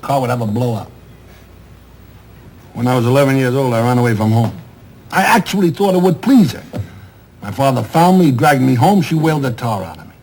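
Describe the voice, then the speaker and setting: An actor playing a middle-aged theatrical agent, loud, sardonic and self-pitying, in a 1970s TV drama. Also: male voice, medium pitch, big pitch swings, brisk, long pauses, a little hiss or hum. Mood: regretful. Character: loud, bitter, wisecracking male theatrical agent. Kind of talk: 1970s television drama acting.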